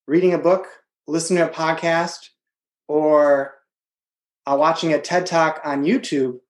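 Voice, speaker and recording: Man with roomy echoey sound. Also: on the high side. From United States. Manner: earnest, speaks in steady advice-giving phrases. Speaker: podcast guest. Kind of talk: motivational interview talk. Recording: roomy remote call audio.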